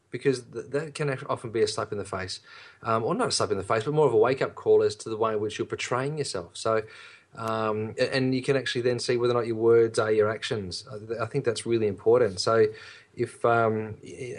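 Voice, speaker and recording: A man co-hosting a podcast, talking earnestly and encouragingly to listeners and his co-host. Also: medium pitch. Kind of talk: casual podcast chat.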